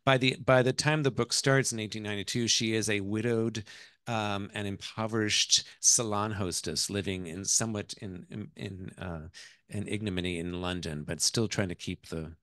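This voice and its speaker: A man speaking as an author at a bookshop event, chatty and animated, often restarting his sentences. His voice is fairly low and the sound is dry and close. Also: normal speed, smooth, no echo.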